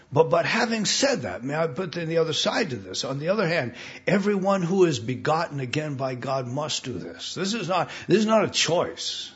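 A man's voice: a little high, a bit bright. An American man preaching a sermon, emphatic, repeating himself and putting questions to his listeners. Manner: emphatic, repeats words, asks the congregation questions. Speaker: pastor. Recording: dull lo-fi recording.

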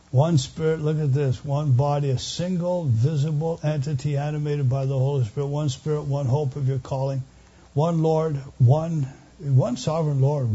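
An older man, a longtime pastor, preaching a sermon earnestly, rising loud on key phrases and dropping quiet again. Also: on the high side, husky, lo-fi sound.

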